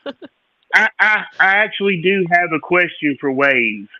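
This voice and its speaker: Bright-voiced joking man on a dull line. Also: sits high, expressive, normal speed. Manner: stammering, joking. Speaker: stream guest. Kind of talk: casual chat.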